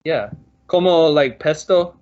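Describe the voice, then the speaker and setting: A man's voice: a little high, slow pace, highs cut off, background noise. A man co-hosting a podcast, rambling and joking crudely in casual chat. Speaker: podcast co-host.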